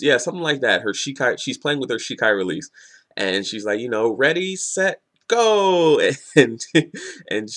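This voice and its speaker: A young man casually reviewing a comic chapter, rambling and excitable, swearing and laughing often. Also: medium pitch. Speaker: manga reviewer.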